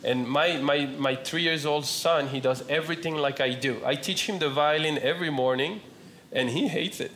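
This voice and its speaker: A young man with a French accent doing a stand-up set, playful with deadpan punchlines. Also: fairly high pitch, normal speed, a little hiss or hum. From France. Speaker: stand-up comedian. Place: comedy club stage. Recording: roomy club with loud audience laughter. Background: audience laughter.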